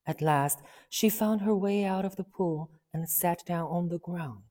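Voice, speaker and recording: Slow woman reading a storybook. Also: on the low side, mellow. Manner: clear, measured storytelling. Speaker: reader. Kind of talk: storybook read-aloud. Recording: long hall reverb.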